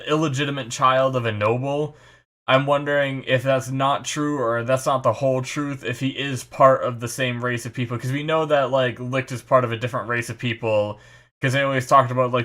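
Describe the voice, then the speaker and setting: A man's voice: mid-range voice, a bit bright. A young man hosting an anime reaction, talking casually on his own in a rambling, speculative way with lots of fillers and restarts. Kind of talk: casual solo commentary.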